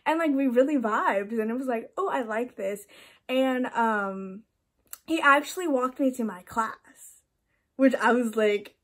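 High-voiced chatty young woman. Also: unhurried, fairly bright tone. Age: young adult. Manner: chatty, laughs often, lots of "like". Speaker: vlogger. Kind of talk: casual storytelling.

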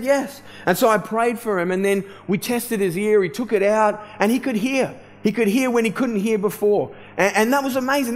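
A man, preaching a sermon as a casual, conversational storyteller who often restarts and fills with "you know". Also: high-pitched. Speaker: pastor.

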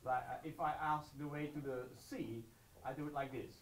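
High-voiced Flemish comedian, slow, echoey club. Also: male voice, fairly even intonation, a loud crowd, heavy background noise. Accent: Flemish Dutch. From Belgium. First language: Dutch. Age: 30s. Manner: halting restarts building to indignant shouting rants. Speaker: stand-up comedian. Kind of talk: live stand-up comedy. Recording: echoey room with audience laughter.

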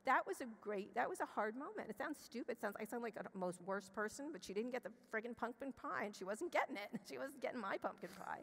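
A woman's voice: on the high side, animated, fairly bright tone. Middle-aged woman on a conference stage, blunt, swears a lot, keeps restarting her sentences, long echo from the big hall. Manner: blunt and profane, with rapid restarts. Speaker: interview guest. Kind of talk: candid storytelling on stage.

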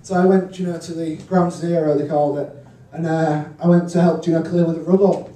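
High-voiced young comedian, far off. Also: male voice, a little fast. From Hull, England. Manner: deadpan one-liners with frequent ums and crude punchlines. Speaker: stand-up comedian. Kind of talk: stand-up comedy set. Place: hotel function room comedy gig. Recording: echoey, distant live room recording with noise.

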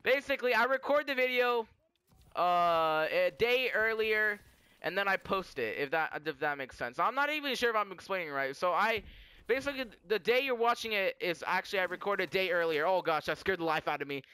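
A young man giving rambling, excitable live commentary over his gameplay, often stopping to correct himself. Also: high-pitched, fairly quick, clear, resonant tone, dry recording. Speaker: gaming commentator.

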